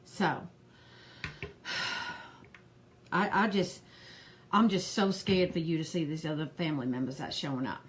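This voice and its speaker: A woman's voice: sits low, lively intonation, takes it slowly, pauses often, slight background noise, pitched below the performer's own voice. A woman voicing a harried, gossipy old granny who rambles in a folksy drawl while hosting a pearl party. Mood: chatty. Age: older. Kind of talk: comedic character live stream.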